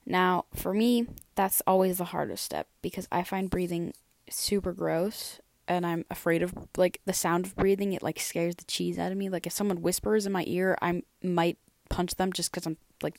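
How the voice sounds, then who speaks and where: Tired young woman with a gravelly voice. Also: on the low side, fairly even intonation, moderate pace, a little mellow, no echo. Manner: chatty, rambling, many fillers and restarts. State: tired, yawning. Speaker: podcast host. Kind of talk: casual personal podcast talk.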